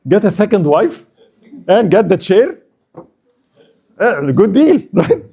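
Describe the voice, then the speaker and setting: A man's voice: high voice, very animated, slow, vocal fry, warm tone, breathy edge, voice pushed up, exaggerated voice. A man voicing an easygoing, unambitious medieval commander who sounds pleased with a good deal.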